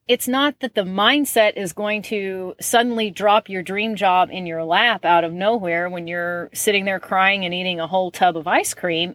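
A woman's voice: mid-range voice, a bit bright, no echo. A woman hosting a solo talk show, chatty and laughing often, acting out little quoted voices as she goes. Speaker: podcast host.

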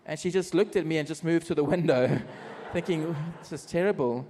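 A man's voice: on the high side, normal speed, warm tone, long reverb tail, slight background noise. A South African man preaching a personal testimony at a church service, telling his story animatedly with self-mocking humor.

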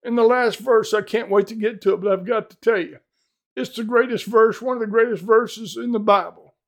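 Fervent older man preaching, high voice. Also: steady tone, a little fast. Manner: fervent, emphatic, plain-spoken. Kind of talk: evangelistic sermon.

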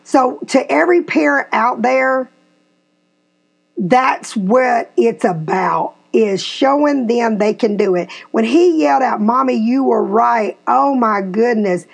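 A woman's voice: a little high, takes it slowly, gravelly. A woman, hosting a podcast and animatedly telling a family story. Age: 50s. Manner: animated storyteller, acts out quotes. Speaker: podcast host. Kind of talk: casual storytelling chat.

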